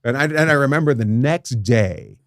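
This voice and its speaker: A man's voice: medium pitch, expressive, moderate pace, dry recording, clean studio sound. A man from Canada, a comedian guest on a podcast, telling rambling anecdotes with restarts and a habit of asking "right?". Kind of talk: casual podcast storytelling.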